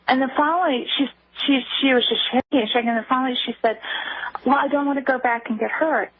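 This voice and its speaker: A woman guest calls in to a radio interview, her voice husky and slightly high. She halts and restarts often as she talks. The phone line is thin, tinny and dry. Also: fairly even intonation, no echo. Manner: halting, with many restarts. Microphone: telephone.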